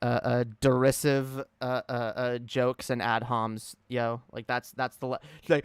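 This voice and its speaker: A man's voice: medium pitch, takes it slowly, a bit bright, smooth, no echo, clean studio sound. A man streaming a reaction, ranting in a heated, profane, rambling way.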